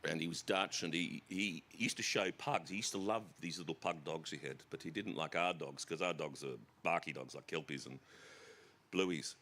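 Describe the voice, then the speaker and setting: A middle-aged Australian man telling family stories as an author guest on a festival stage, animated and laughing. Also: very deep voice, moderate pace. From South East Queensland, Australia. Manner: animated, bursts into shouted impressions and laughter.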